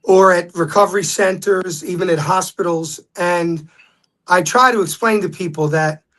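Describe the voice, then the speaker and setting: A man's voice: high voice, normal speed. Man telling stories as a guest. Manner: storytelling, animated when quoting others. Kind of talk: casual interview talk.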